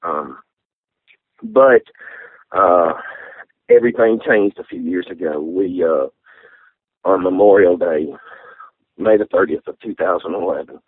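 Low husky man, tinny line. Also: no echo. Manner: halting, heartfelt, many fillers. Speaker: interview guest. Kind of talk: personal testimony. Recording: tinny phone-like sound.

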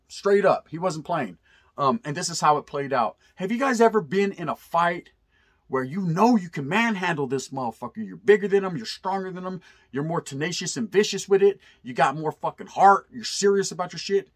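A middle-aged man tells a story in a casual, animated way, loaded with profanity and street slang. His voice is husky and sits a bit high for a man. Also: a little fast. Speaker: storyteller vlogger.

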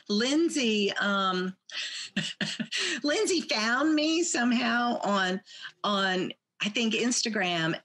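A woman from Mississippi, an artist guest on a podcast, talks slowly and unhurriedly. She rambles, full of fillers and restarts. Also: medium pitch, fairly bright tone. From Mississippi, USA. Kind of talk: casual interview chat.

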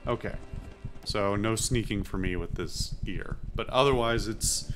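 A man's voice: lowish voice, a little slow, fairly bright tone, faint music behind. A man giving casual, musing commentary while playing a game, swearing now and then. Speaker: let's play host.

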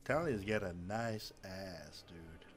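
A young man giving excited, profane let's play commentary, often shouting as he plays. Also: deep voice, slow pace, over music. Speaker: gamer.

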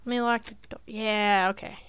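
A woman's voice: medium pitch, steady tone, normal speed, fairly bright tone, clear, resonant tone. A woman casually commenting on a game she plays, chatty and joking, talking to herself as she goes. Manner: chatty, talks to herself while playing, jokey pleading. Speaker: gaming video creator. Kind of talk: casual let's-play commentary.

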